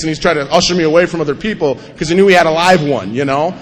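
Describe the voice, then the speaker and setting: A man's voice: on the high side, animated, fast. A man from North Dakota telling his recovery story to an audience, acting out quotes in mocking voices. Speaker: AA speaker sharing his story. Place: event hall, on stage. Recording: live recording in a reverberant hall.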